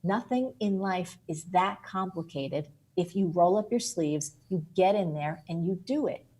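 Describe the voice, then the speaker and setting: A woman's voice: fairly low pitch, expressive, unhurried, dark tone. A woman voicing her tough, no-nonsense older mother, blunt and matter-of-fact. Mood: calm.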